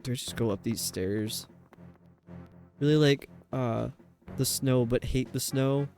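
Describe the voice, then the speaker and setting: A man's voice: medium pitch, measured pace, darkish tone, faint music behind. A male streamer chatting casually and rambling while he plays, answering his chat.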